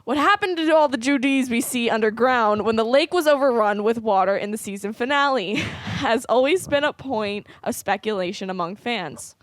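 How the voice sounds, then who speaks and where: A woman with a fairly high voice co-hosting a podcast, eager and chatty. At times she reads an article aloud. The recording is dry and close. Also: moderate pace, few pauses, no echo. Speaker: podcast co-host. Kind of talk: casual chat.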